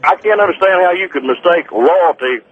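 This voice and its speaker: A man's voice: high voice, lively intonation, brisk, slightly rough. A man calling in to a radio show, talking earnestly and stumbling over his words. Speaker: caller. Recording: tinny phone line.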